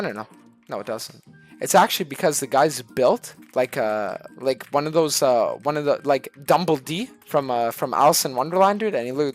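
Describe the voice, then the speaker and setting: Streamer, casual profane storyteller, pitch jumps all over, faint music under it. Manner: swears constantly, acts out voices mid-story. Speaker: gaming streamer.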